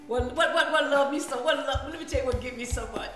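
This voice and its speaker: A woman's voice: high-pitched, quick pace, hardly any pauses, fairly bright tone. A woman minister hosting a casual live stream, laughing often, repeating her words and dropping preachy asides. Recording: echoey room with music behind.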